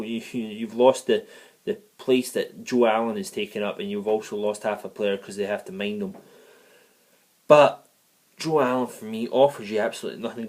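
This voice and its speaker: This lowish, slightly mellow male voice belongs to a football fan living in the United States. He's ranting through a match review on his vlog, getting heated, swearing, and going off on digressions.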